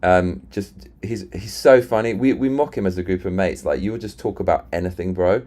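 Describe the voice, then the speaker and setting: A British man from London with a very low, deep, darkish voice chats briskly and casually on a live stream. He rambles, restarts sentences, and retells arguments with friends.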